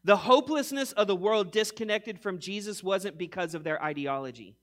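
A man in his forties preaching a sermon, emphatic, swinging between loud punchy lines and quiet low ones, acting out mock quotes with humor. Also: normal speed. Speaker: pastor.

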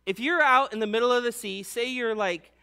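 A man preaching a casual sermon, slangy and conversational, telling the story with animated acted-out bits. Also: very high voice, brisk, gravelly, clear, resonant tone.

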